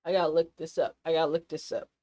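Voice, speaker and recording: A woman streaming live, chatting casually in a goofy, rowdy way, playfully yelling silly insults. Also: low-pitched, little pitch movement, quick pace. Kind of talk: casual livestream chat.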